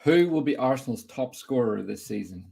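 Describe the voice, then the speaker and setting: A young man hosting a casual football podcast, chatty and opinionated, putting quick-fire questions to his guest. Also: mid-range voice, expressive, creaky, dark tone, breathy edge. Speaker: host.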